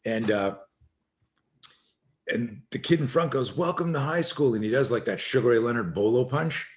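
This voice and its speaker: A middle-aged man, a self-defense instructor, telling an animated story as a podcast guest and acting out the voices in it. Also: medium pitch, moderate pace.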